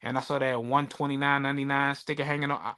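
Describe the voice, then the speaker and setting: A man co-hosting a podcast, chatting casually, telling animated stories, swearing freely and acting out the voices of people he quotes. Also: mid-range voice, fast, smooth. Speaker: podcast co-host. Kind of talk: casual chat.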